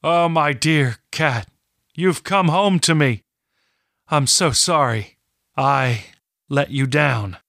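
A man's voice: on the high side, takes it slowly, creaky, long pauses, a bit bright, no echo, clean studio sound, full character voice. A man doing a remorseful older father. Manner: apologetic, tender.

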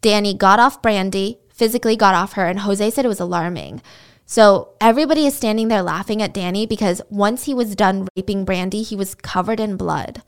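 A woman's voice: medium pitch, brisk, clear, resonant tone. Woman host telling a true crime story, casual and chatty, gets indignant on the side. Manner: conversational, indignant asides. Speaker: podcast host.

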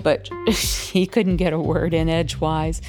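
A woman calmly and haltingly remembers a scary moment from her past. Her voice sits very low. Faint music plays beneath her. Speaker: interviewee. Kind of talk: personal story told to an interviewer.

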